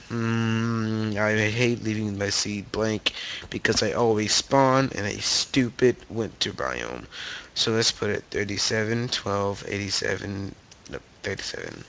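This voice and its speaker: A man with a gravelly, bright-edged voice talks through his game at an unhurried pace. He rambles, stammers and corrects himself as he plays. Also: fairly low pitch, expressive. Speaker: let's play host. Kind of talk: gaming commentary.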